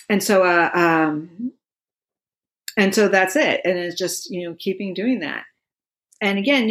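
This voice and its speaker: Casting note: a middle-aged woman, relaxed talk-show guest, laughs a lot and says "you know" a lot. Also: lowish voice. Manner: laughs often, many fillers like "you know". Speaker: meditation expert guest. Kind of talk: casual conversational explaining.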